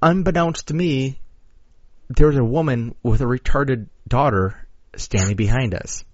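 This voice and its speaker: A man's voice: medium pitch, a little slow, no echo. A man co-hosting a podcast, telling a crude story in casual chat, full of swearing and acted-out quotes. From Chicago area. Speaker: podcast co-host. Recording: dull lo-fi audio.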